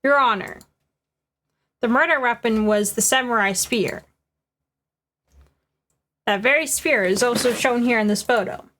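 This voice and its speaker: A woman's voice: a little high, unhurried, long pauses, fairly bright tone. Woman reading an earnest young defense lawyer.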